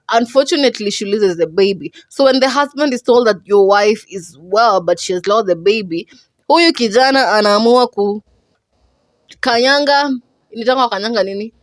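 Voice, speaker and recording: A woman's voice: medium pitch, no room sound. Chatty Kenyan woman reviewing a movie. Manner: chatty, expressive, mixes English with Swahili. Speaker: podcast host and movie reviewer. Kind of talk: casual podcast movie review.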